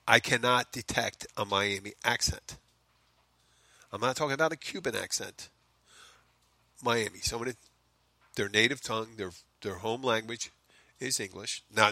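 Philly guy rambling on his comedy podcast, swearing a lot, bright voice, dry close sound. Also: lowish voice, creaky, no room sound. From Philadelphia. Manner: rambling, profane, self-mocking asides. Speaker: podcast host. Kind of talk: casual comedic monologue. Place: home in the Florida Keys.

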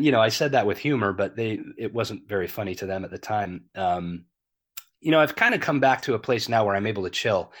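A man in his fifties talking candidly as an interview guest, earnest and animated, filling with "you know" and swearing freely. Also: lowish voice.

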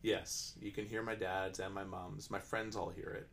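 A man's voice: low-pitched, level tone, moderate pace, vocal fry, a bit bright, a little hiss or hum. A man from Canada, a business owner chatting as a guest in a laid-back, rambling way with many fillers. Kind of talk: casual podcast chat.

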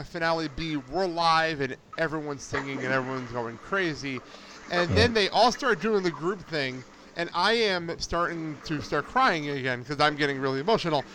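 A man hosting a casual podcast with a high, bright voice that runs above the usual male range. He tells animated stories and keeps breaking into laughter. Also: a little hiss or hum. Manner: animated storyteller, laughs often. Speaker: podcast host. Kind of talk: casual chat.

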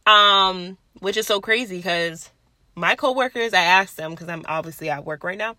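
A young woman hosting her own podcast, chatting casually and bluntly with a loud voice and plenty of swearing. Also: on the low side, normal speed, no echo. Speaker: podcast host. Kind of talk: casual solo podcast chat. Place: at her workplace.

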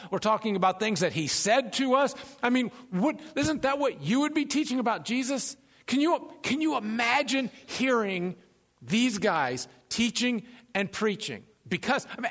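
A man preaching a sermon as pastor, animated and conversational, joking and acting out the voices of people in his stories. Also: high-pitched. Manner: animated, conversational, jokes and acts out quotes.

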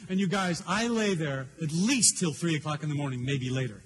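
A man's voice: a little high, a little fast. An older man preaching a sermon, telling a personal story in an earnest, emotional way. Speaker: pastor.

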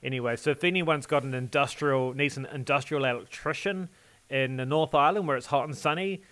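A man's voice: mid-range voice, a little fast, a bit bright. A man co-hosting a podcast, telling a long story in a chatty way, often laughing and repeating words as he goes. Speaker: podcast co-host. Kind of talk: casual storytelling.

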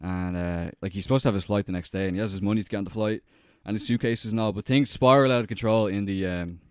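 A man's voice: on the low side, fairly even intonation, quick pace, a little mellow, clean tone, no room sound, studio quality. A young man chatting casually, rambling and swearing with lots of fillers as he recounts a film. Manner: rambling, profane, heavy on fillers. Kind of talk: casual chat.

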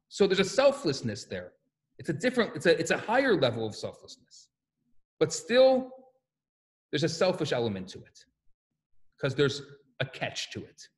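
A male rabbi giving a storytelling lecture, animated and acting out the voices in his stories. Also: high-pitched. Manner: animated, acts out quotes, repeats words when restarting.

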